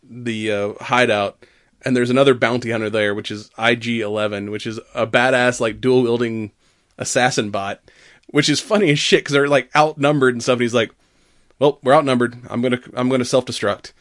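Male co-host, casual and animated, acts out lines, dry room. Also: mid-range voice, a little fast, no echo. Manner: animated, laughs often, acts out quotes. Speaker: podcast co-host. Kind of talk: casual chat.

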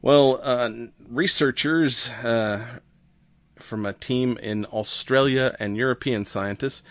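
A man co-hosting a casual podcast, explaining science news in a relaxed way, with fillers and easy laughs. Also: mid-range voice, slow pace, no echo. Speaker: podcast co-host.

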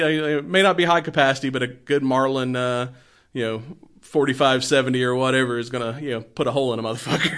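A man's voice: mid-range voice, a bit bright. A man in casual chat, retelling a movie in a rambling way, laughing often and swearing freely.

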